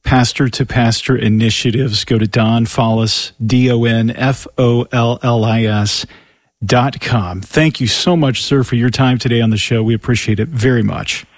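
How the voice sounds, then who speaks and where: A man's voice: medium pitch, fairly even intonation, moderate pace, no room sound. Polite male radio host, dry sound. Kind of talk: radio interview wrap-up.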